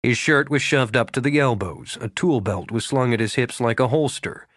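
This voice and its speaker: A man reading a romance audiobook aloud, with expressive storytelling. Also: medium pitch, normal speed, no echo, clean studio sound. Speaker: audiobook narrator. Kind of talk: scripted narration.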